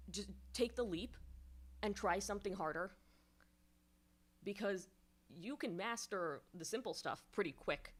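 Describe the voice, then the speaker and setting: Rambling New woman streamer. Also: on the low side. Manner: rambling, many fillers and restarts, explanatory. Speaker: streamer giving songwriting feedback. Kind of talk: casual livestream critique.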